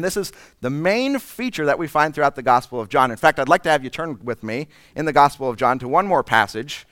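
Expressive male preacher, clear dry voice. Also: a little high, fairly quick, hardly any pauses, no echo. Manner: dramatic, swings from loud emphasis to breathy whispers. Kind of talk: sermon.

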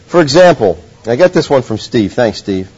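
A man's voice: mid-range voice, big pitch swings, moderate pace, darkish tone, slightly rough. A middle-aged man preaching a sermon in an earnest, teacherly way, often putting questions to his listeners. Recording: dull lo-fi sound.

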